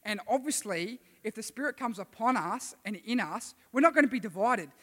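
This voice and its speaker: A man preaching to a youth group in a casual, energetic way and calling on listeners to respond. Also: high-pitched, brisk. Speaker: youth pastor. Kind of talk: sermon. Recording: reverberant hall.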